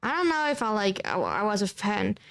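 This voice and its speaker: A woman's voice: mid-range voice, very animated, fairly quick, creaky, fairly bright tone, clear, resonant tone. A woman from Germany with a German accent, streaming and chatting casually, rambling and filling her talk with "like" as she answers chat. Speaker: livestreamer.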